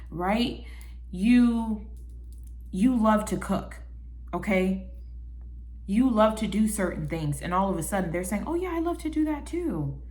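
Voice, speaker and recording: A woman vlogger talking casually to her viewers about people who copy her, chatty and animated, often calling the listener baby and acting out what others say. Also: mid-range voice. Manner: chatty, animated, quotes people in little voices. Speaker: vlogger giving life advice. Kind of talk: casual talk to camera.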